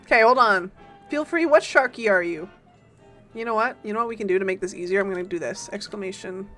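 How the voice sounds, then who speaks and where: A woman streaming a game, chatting casually and playfully with her viewers, greeting them and teasing them in quick bursts. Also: mid-range voice, bright, forceful tone, faint music behind.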